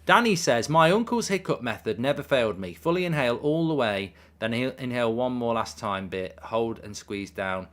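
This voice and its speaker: A man's voice: mid-range voice, expressive, a little fast, hardly any pauses, fairly bright tone. A man casually chatting on a live stream, reading out viewer messages with plenty of ums. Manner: chatty, reads chat messages aloud, frequent ums. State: hiccups. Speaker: watchalong streamer.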